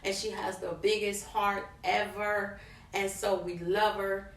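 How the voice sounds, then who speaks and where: A woman's voice: mid-range voice, unhurried. Middle-aged woman telling a story in a roomy space. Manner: animated storyteller, talks straight to viewers as "guys". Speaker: vlogger. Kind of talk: personal story time. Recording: roomy, from a distance.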